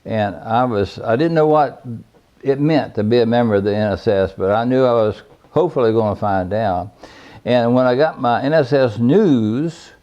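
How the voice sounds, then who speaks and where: A man's voice: medium pitch, normal speed, dark tone, lo-fi sound. An older man telling personal stories in a folksy, plainspoken, rambling way. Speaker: veteran caver recounting his history. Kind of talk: personal storytelling.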